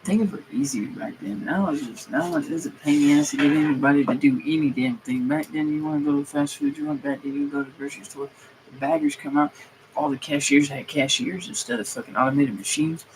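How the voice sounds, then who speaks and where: A man's voice: a little high, a little fast, a little hiss or hum, rough recording. A man streaming a comedic rant, griping heatedly and swearing freely as he goes. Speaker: streamer and mechanic. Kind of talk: comedic ranting monologue.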